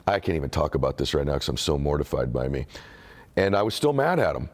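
A man's voice: a bass voice, sing-song, fast talker. A man being interviewed about his book, telling a personal story in an earnest, emotional and reflective way. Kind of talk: candid conversational storytelling.

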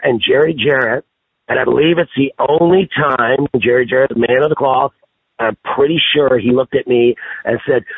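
A man on a podcast telling stories in a casual, profane, animated way. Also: mid-range voice, husky, no room sound. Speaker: podcast guest. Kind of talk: casual storytelling chat. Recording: tinny phone-line sound.

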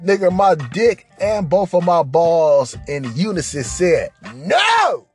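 Faint music runs behind a male podcast host who delivers a rambling, repetitive profane comic monologue, checking in with "right?" again and again. His pitch leans high, his tone is warm, and his pace is a little slow.

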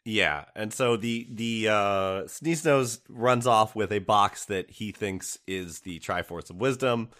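Male podcast co-host, lowish voice, wry rambling recap chat. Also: slow pace, few pauses, fairly bright tone. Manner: rambling, self-interrupting, wry.

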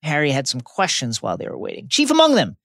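A man's voice: medium pitch, very animated, fast, a bit bright, no room sound, clean studio sound. A man co-hosting a podcast, retelling a book's chapters in a dramatic, scripted way and acting out quotes. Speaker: podcast co-host. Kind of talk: podcast book recap, read from a script.

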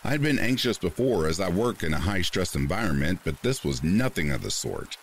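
A man narrating a reader's horror story in a measured, deliberate way, with faint rain behind him. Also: deep voice, very animated, a little hiss or hum.

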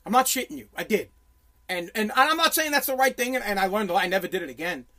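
A man's voice: sits high, animated, fast talker, pushed and bright. A man telling a story in a profane, intense rant, often restarting his sentences. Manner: intense, swearing, many restarts.

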